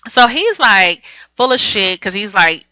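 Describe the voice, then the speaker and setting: A woman's voice: mid-range voice, big pitch swings, unhurried, pushed and bright, clear, resonant tone, no echo, poor audio. A woman recapping a reality TV episode on her vlog, blunt and profane, rambling and correcting herself as she goes. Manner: blunt, profane, sassy commentary; rambling with frequent self-corrections. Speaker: TV recap vlogger.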